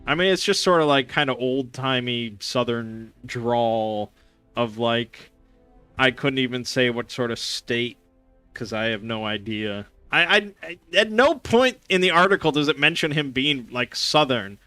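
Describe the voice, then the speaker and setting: A man's voice: medium pitch, expressive, unhurried, sharp tone, smooth, no echo, soft background music. A young man hosting a casual gaming stream, rambling sarcastically with lots of fillers and restarts.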